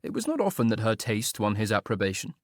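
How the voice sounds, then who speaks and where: A man's voice: lowish voice, wildly swooping pitch, fast talker, no echo. Man narrating an audiobook, dry close sound. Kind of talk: scripted narration.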